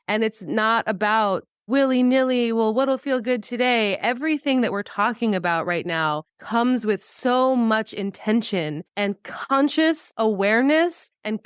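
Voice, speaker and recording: A woman hosting a podcast, talking with emphatic, affirming warmth about choices. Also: a little high, clean tone, dry recording, studio quality. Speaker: podcast host. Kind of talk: casual podcast conversation.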